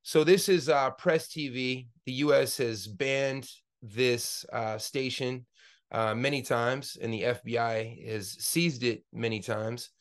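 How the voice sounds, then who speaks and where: A man's voice: mid-range voice, slow. A man in his forties teaches an online class through a computer mic on a video call, his voice in an ordinary middle register. He talks with real passion but rambles, filling gaps with "uh" and "um" and restarting his sentences. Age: 40s. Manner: impassioned, rambling with many fillers and restarts. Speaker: class instructor and organizer.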